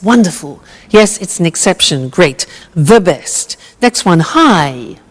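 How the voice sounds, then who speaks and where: A woman teacher leads a slow, deliberate grammar drill in a lowish voice. She is patient and encouraging, and her words ring in a roomy hall. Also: big pitch swings. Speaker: English teacher.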